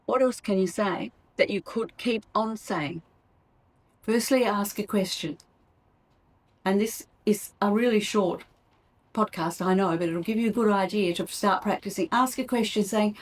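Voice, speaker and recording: A woman's voice: medium pitch, unhurried, rough recording. Middle-aged lady coach chatting on her own podcast, acts out little lines to a partner as she goes. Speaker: couples coach and podcast host. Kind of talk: solo advice podcast.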